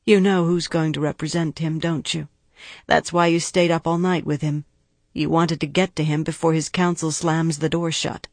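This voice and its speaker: A woman reading the lines of a cautious female prosecutor in an audiobook, deliberate and precise. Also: deep voice, level tone, a little mellow, dry recording. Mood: cautioning. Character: guarded, measured female prosecutor, middle-aged.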